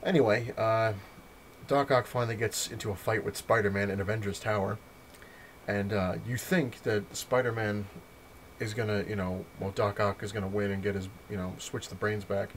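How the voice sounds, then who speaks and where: Reviewing his haul of comics, a collector with a fairly low voice rambles through a loose, casual vlog. He corrects himself mid-sentence and swears freely, with slight noise in the background.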